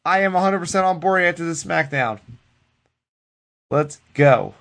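A man co-hosting a casual podcast, retelling wrestling in a loose, profane, animated way. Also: a little high, a little slow, vocal fry. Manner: animated, profane storytelling that acts out the people it quotes. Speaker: podcast co-host recapping wrestling. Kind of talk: casual chat.

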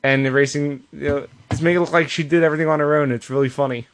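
A man's voice: fairly high pitch, steady tone, racing. A man co-hosting a podcast, recapping wrestling shows in casual chat and storytelling with quoted asides and frequent restarts. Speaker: podcast co-host.

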